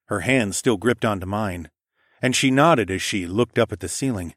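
Low-voiced man narrating an audiobook. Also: moderate pace, fairly bright tone, dry recording. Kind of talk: first-person audiobook narration. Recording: dry close studio recording.

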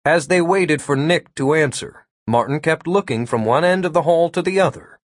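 A man narrating an audiobook in an expressive, wry storytelling manner. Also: fairly high pitch, normal speed, no echo, clean studio sound.

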